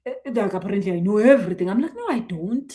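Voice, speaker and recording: A woman, a spiritual healer chatting casually on a live stream, animated and quick to laugh. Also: mid-range voice. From South Africa. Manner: animated, chatty, laughs often, acts out what people say. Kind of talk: casual live-stream chat answering viewers.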